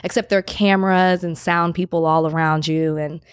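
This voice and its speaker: Woman in her 30s, low-ish voice, chatty storytelling on a podcast, dry sound. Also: moderate pace, smooth, dry recording. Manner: animated storytelling, acts out quoted voices. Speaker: podcast guest. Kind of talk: casual chat.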